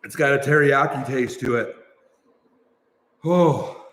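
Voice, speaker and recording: With a medium-pitched, slightly bright voice, this Midwestern livestream host chats easygoingly and slowly. He coughs and sighs over spicy food and thanks his viewers, all captured in the reverberant room of a big new shop.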